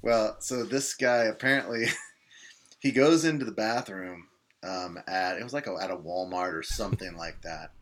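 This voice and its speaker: A man's voice: fairly low pitch, moderate pace, fairly bright tone, a little hiss or hum. A middle-aged man in a casual chat, joking and asking teasing questions.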